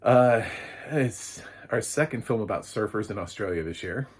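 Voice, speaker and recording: A man's voice: on the low side, lively intonation, moderate pace, husky. A man giving a casual, rambling spoken film review, chatty with lots of fillers. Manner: rambling and chatty, with many fillers and light laughs.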